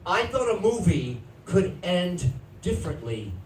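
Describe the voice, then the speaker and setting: A man's voice: sits high, measured pace. A middle-aged man doing stand-up on a comedy club stage, telling a story and acting out his family's voices. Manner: animated, acts out family voices, shouts punchlines. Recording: echoey club from a distance with noise.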